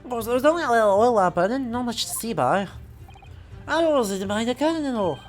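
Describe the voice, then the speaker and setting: A woman voicing a rough male petty thief with a put-on Cockney accent, loud and full of slang. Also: fairly high pitch, expressive, quick pace, soft background music, voice pushed up, lightly acted. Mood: cheeky.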